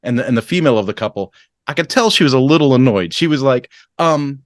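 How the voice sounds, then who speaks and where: A man's voice: fast talker, dry recording. A male podcast host chatting casually with his guest. He tells stories with gusto and jumps into other people's voices as he acts out their lines. The sound is dry and close to the mic. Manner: animated storyteller, acts out dialogue with big pitch jumps. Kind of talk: casual interview chat.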